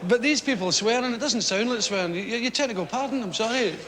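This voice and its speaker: A man's voice: very high voice, fast talker, a bit bright. A man chatting frankly about with a laugh in his voice. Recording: noisy old archive tape.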